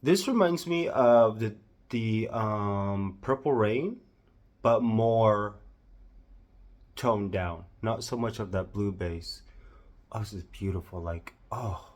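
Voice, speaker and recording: Man, Southern US accent, makeup tutorial, unhurried delivery, lowish voice, effusive. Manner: effusive, gushing exclamations, drawn-out "y'all". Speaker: makeup vlogger.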